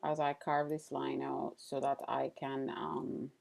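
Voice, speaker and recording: A woman's voice: extremely low pitch, flat delivery, slow, creaky, a little mellow. A woman hosting a casual live stream, chatting with viewers and laughing often while she works. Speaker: livestream host.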